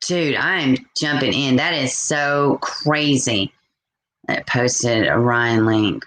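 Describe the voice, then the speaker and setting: A woman hosting a casual live stream, chatting and reacting out loud to viewer comments. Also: a bass voice, slow, echoey room. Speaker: live-stream host reading chat.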